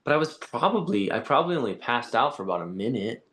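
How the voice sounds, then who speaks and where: A man as a podcast guest, telling a personal story in a casual, animated way, acting out quoted voices and saying "like" often. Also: mid-range voice, fast talker. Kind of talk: storytelling in conversation.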